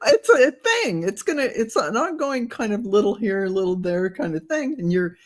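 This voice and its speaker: A woman guest in a casual spiritual conversation, talking in a loose, expressive way and laughing easily. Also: mid-range voice, normal speed. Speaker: guest channeler.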